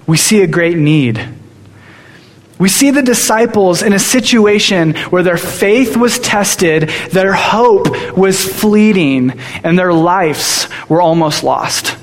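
A young man preaching a sermon, telling stories in an animated way. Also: sits high, slow pace, slight background noise. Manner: storytelling, animated. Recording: long hall reverb.

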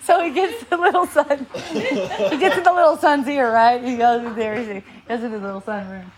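A woman's voice: a little high, moderate pace, a crowd in the background. A middle-aged woman telling a story about her sons in a casual chat, laughing often and rambling with many restarts.

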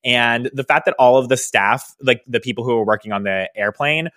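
A young man hosts his podcast and tells a travel story in a chatty, animated way, full of fillers and asides. His voice sits at an ordinary middle pitch. The close mic sounds dry, with no room echo. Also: a little fast. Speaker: podcast host, hairstylist business educator.

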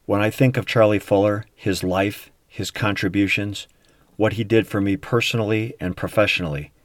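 A male host reading a measured, earnest scripted narration. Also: lowish voice, fairly even intonation, no echo.

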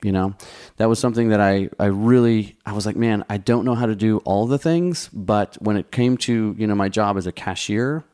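A man's voice: on the low side, normal speed, darkish tone, smooth. A man who runs a restaurant, giving career advice in a casual, conversational way full of restarts and fillers. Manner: conversational, many restarts and "you know" fillers. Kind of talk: casual advice talk, answering viewer questions.

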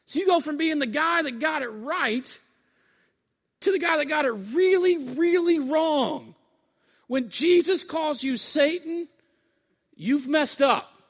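High-voiced preacher in a reverberant hall. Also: male voice, animated, measured pace. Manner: conversational storytelling, speaks to listeners as "you". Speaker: pastor. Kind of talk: sermon.

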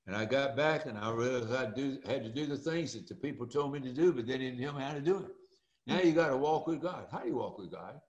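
A man's voice: mid-range voice, quick pace, dull audio. Folksy older man, echoey room. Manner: folksy and animated, acts out quoted voices. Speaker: interview guest, former speaker and coach. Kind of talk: storytelling interview.

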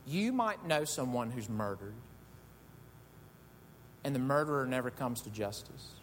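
Animated male preacher in an echoey hall. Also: measured pace. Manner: animated storytelling, shifts between quiet asides and loud shouts. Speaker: pastor. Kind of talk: sermon. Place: church sanctuary. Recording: echoey hall with faint rumble.

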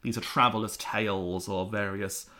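A man's voice: on the low side, normal speed. A man, a historian chatting casually on a podcast and acting out the quotes in his stories. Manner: animated storyteller, acts out quotes. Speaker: historian guest.

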